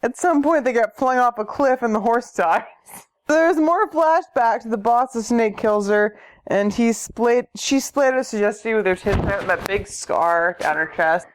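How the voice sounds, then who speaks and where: A woman's voice: fairly high pitch, lively intonation, measured pace. A tipsy woman narrating a comic recap, rambling and swearing, with lots of "like". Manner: rambling, swearing, full of likes.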